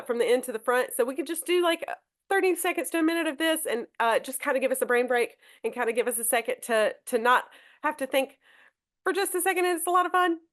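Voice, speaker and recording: A young woman teacher hosting a manners podcast, talking casually and brightly with lots of fillers and restarts. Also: sits high. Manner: chatty and upbeat, many fillers and restarts. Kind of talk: casual classroom talk.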